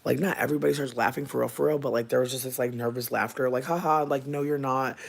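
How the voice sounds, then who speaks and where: A vlogger tells his viewers an emotional storytime in a candid, rambling rant that is profane and full of fillers. His medium-pitched voice is gravelly and husky, level in tone, and delivered rapid-fire.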